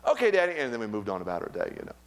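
A middle-aged man preaching a sermon, animated and humorous, with acted-out quotes. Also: on the low side, very fast. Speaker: pastor.

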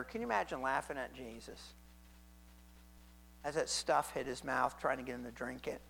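A man's voice: mid-range voice, normal speed, creaky, long pauses, sharp tone, breathy edge, poor audio. A man preaching a sermon, reading scripture aloud and breaking off to comment, emphatic and repeating phrases as he asks listeners to imagine the scene.

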